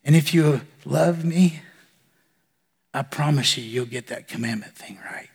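A man pastor preaching a sermon, building emphasis and then falling to soft near-whispers. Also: on the high side, measured pace, vocal fry, in a large hall. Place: church sanctuary.

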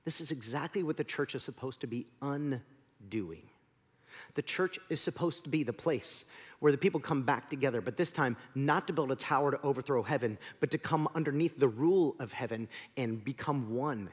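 A male pastor preaching a sermon, telling the story with lively acted-out voices. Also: medium pitch, moderate pace, breathy edge. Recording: long hall reverb.

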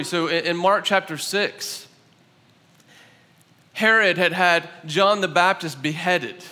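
A man preaching a sermon as pastor, talking conversationally with an animated delivery. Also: high-pitched, in a large hall.

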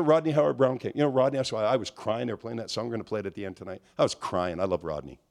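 A man preaching a charismatic sermon, telling stories with animated swings and climbing to high, near-shouted peaks. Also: racing, creaky, hardly any pauses.

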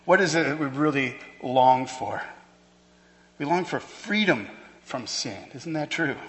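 Pastor guy preaching, asks the crowd lots of questions, kinda high voice, big echoey church hall. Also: fairly bright tone. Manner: emphatic, rhetorical questions, conversational asides. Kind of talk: sermon. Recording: long hall reverb.

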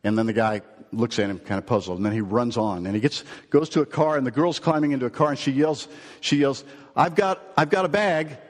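A male pastor preaches earnestly, moving from storytelling into emphatic points that fall away into low, slowed endings. His voice sits at an ordinary pitch. It carries the long reverb of a large hall. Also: fairly even intonation. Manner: earnest, builds to emphatic phrases, then drops low and slow. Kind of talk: sermon with storytelling.

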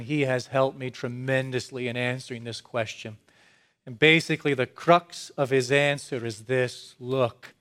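A man with young children preaches a sermon, shifting from low, measured statements to excited, emphatic declarations.

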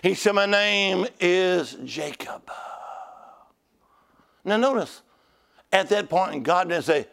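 A man's voice: sits high, lively intonation, takes it slowly, vocal fry, long pauses, a bit bright. A male preacher delivering a sermon, calling out to the congregation for responses.

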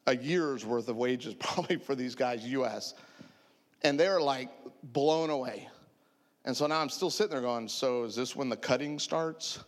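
A man in his forties preaching through a humorous personal story, animated and self-mocking, laughing often. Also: mid-range voice, in a large hall. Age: 40s. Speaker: preacher sharing testimony.

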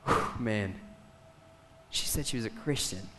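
A young man preaching a sermon, telling a story with passion and swinging from loud declarations to hushed moments. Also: on the low side, a little slow, pauses often, background noise.

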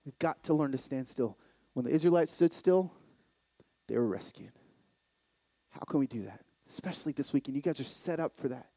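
A middle-aged man giving a sermon-style talk from a live event stage, swinging from excited loud bursts to hushed, intimate lows. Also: brisk, no echo. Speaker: conference speaker.

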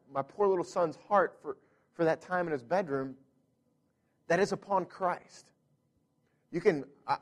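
A man in his thirties, a pastor telling a family story in a sermon, earnest and full of restarts. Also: on the high side.

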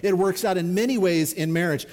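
A man's voice: high-pitched, a little fast, a little mellow, big-room sound. A middle-aged man preaching a sermon as a pastor, in an earnest, conversational way with repeated refrains.

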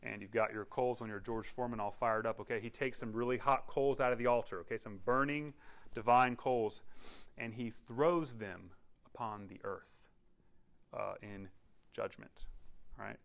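A man's voice: medium pitch, normal speed, creaky, a bit bright. Guy preaching, lots of "okay?" and restarts, chatty teaching style. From United States. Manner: conversational teaching with frequent "okay?" check-ins; restarts and filler-heavy, explanatory. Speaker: pastor. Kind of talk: sermon.

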